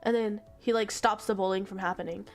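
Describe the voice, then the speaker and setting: A young woman streamer retelling a story in casual chat, exasperated, animated and swearing freely. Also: mid-range voice, brisk.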